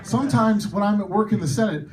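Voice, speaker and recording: A high-pitched, fast-talking male comic works the crowd loudly during a stand-up set at a comedy club, aiming his punchlines at himself. A slightly distant mic picks him up with a bit of hiss or hum.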